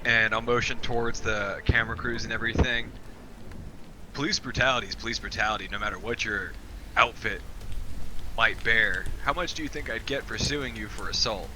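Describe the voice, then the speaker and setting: A man's voice: fairly low pitch, fairly quick, noisy background. A man playing his character in a tabletop game, with a sarcastic, mocking manner. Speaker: player.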